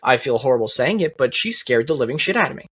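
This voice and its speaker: An American man with a bright, forceful voice, talking casually as a podcast co-host. He rambles and restarts his sentences and swears now and then. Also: medium pitch, sing-song, fast talker, breathy edge. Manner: hesitant, rambling recollection with swearing. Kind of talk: casual chat.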